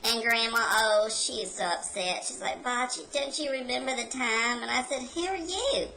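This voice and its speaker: A woman's voice: on the high side, expressive, normal speed, pushed and bright, rough recording. A woman playing a brash, rebellious carnival worker, telling a rambling folksy story as a comedy character monologue.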